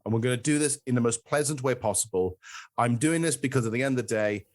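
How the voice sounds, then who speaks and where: A man's voice: medium pitch, quick pace. A man co-hosting a podcast, chatting casually about a film, acting out quotes with plenty of fillers. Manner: animated, acts out quotes, many fillers. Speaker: podcast co-host. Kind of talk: casual film review chat.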